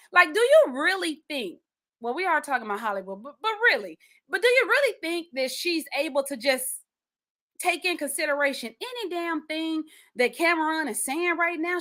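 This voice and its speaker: Casting: woman podcast host, bright and slightly high voice, chatty and animated, talks right to the audience. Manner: animated and chatty, addresses listeners directly, repeats words when stressing a point. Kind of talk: casual solo chat.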